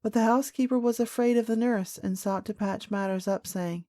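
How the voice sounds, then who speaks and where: A woman narrating a classic children's audiobook in a clear, measured storytelling voice. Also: fairly high pitch, fairly even intonation, warm tone, no echo, studio quality.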